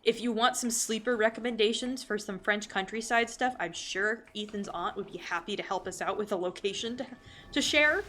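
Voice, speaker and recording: A woman's voice: mid-range voice, moderate pace, a bit bright, a little hiss or hum. Chatty woman streamer who swears casually. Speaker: streamer playing a game. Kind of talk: casual live-stream gaming chat.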